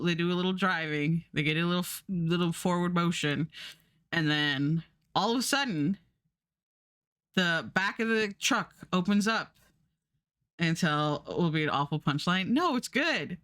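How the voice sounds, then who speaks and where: A woman streamer telling a story in a casual, animated way, repeating words and restarting often. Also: fairly low pitch, moderate pace, clear, resonant tone, no echo, clean studio sound.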